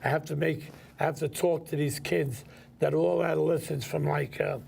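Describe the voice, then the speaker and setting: A man's voice: fairly high pitch, fairly even intonation, moderate pace, creaky, a little mellow, husky. A man hosting a casual chat, telling streetwise stories plainly. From New York. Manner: streetwise storyteller, plain and direct. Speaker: host.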